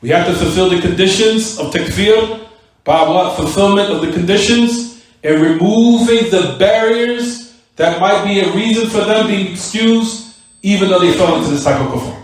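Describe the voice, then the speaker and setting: A man's voice: high-pitched, normal speed. Echoey distant male teacher quizzing his class. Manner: rhetorical questions to students, "what?" prompts; repeats and stresses key words. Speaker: religious teacher. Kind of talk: recorded Islamic class lecture. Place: mosque classroom. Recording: very echoey room, voice from far off.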